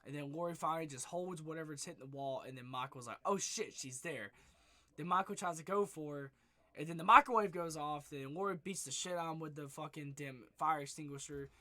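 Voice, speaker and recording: Male reviewer, slightly high voice, excitable, profane, hoarse. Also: fast. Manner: excited, profane, rambling retelling. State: losing his voice. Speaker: movie reviewer. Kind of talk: casual spoiler review monologue. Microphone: webcam.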